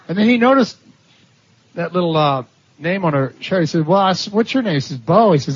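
A man with a high, husky voice tells stories from the pulpit with animation, acting out the voices of the people in them. The recording is dull and lo-fi. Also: fast talker. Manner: animated storytelling, laughing at his own stories, acting out quoted voices. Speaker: preacher. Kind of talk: sermon storytelling.

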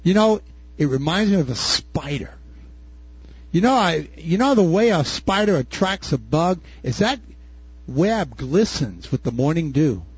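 An older man preaching a sermon as pastor, impassioned and folksy, rising to shouts at his peaks. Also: on the high side, big pitch swings, measured pace, breathy edge, no room sound. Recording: dull dry recording.

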